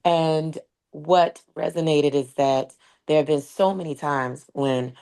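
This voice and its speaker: Low-voiced woman caller, morning voice. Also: steady tone, warm tone, clean tone. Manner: earnest, halting. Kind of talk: sharing on a group call.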